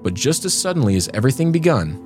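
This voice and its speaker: Talking fast in a mid-range, very animated voice over music, a podcast co-host performs a scripted eerie story dramatically. He then moves into loose conversation, trading jokes with his co-host.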